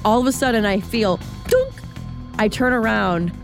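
A woman co-hosting a political podcast, playful and jokey, chatting casually and telling quick personal stories. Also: fairly high pitch, creaky, over music. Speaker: podcast co-host, journalist. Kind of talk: casual banter and storytelling.

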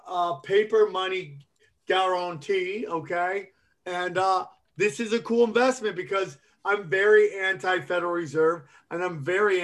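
A man's voice: sits high, fairly bright tone. A man co-hosting a comedy podcast, chatting in a loose, joking, profane way and calling people dude and man. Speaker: podcast co-host. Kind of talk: casual comedic chat.

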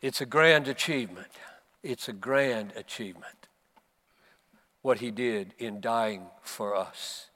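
A man in his seventies with an American accent, preaching a sermon at a conference and swinging from low, quiet stretches up to emphatic, passionate peaks. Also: big-room sound. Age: 70s. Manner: impassioned, surging to emphatic peaks then dropping low. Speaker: pastor. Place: conference hall.

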